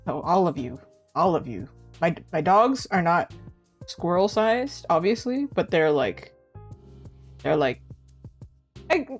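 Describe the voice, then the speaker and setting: A young Canadian art streamer chats casually on a live stream, giggling as she talks. Her pitch swings lively, and faint music plays behind her.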